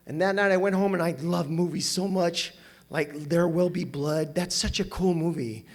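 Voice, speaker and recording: An older man from Southern California gives a personal storytelling talk at a recovery meeting, animated and self-mocking, and laughs often. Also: on the high side, moderate pace. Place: meeting hall with audience.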